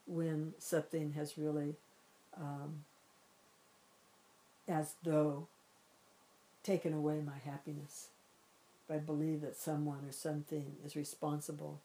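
A woman giving a spiritual teaching talk, gentle and reflective, often pausing to rephrase as she explains. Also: low-pitched, poor audio. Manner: gentle, reflective, repeats and rephrases while searching for words. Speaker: meditation and Vedanta teacher.

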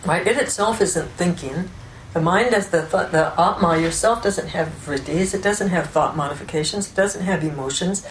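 A woman giving an unscripted spiritual teaching, explaining ideas calmly and often checking in with "right?" and "you know". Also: mid-range voice. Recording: roomy echo with faint background noise.

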